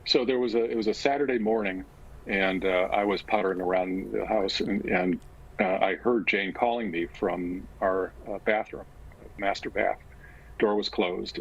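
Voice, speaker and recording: An older man and physician, recounting a personal story slowly and with measured pauses. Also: lowish voice, breathy edge, lo-fi sound. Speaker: guest, physician and author.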